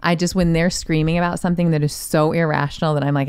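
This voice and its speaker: A woman's voice: low voice, little pitch movement, fast, a little mellow, clean tone, no room sound. A woman speaking as a guest on a podcast, chatting candidly and conversationally with frank asides. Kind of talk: casual podcast chat.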